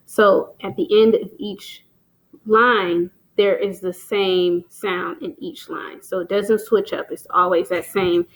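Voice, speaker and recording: A woman's voice: medium pitch, fairly even intonation, slow, poor audio. A woman teaching a lesson on poetry terms, explaining them patiently with many "um"s and "so"s and reading short example lines aloud. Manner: plain, patient explaining with frequent "um" and "so".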